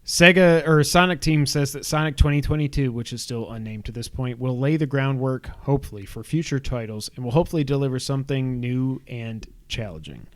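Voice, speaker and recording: A man's voice: mid-range voice, no room sound. Young male podcast co-host, casual news rundown, dry booth sound. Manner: chatty, runs through news items with quick asides.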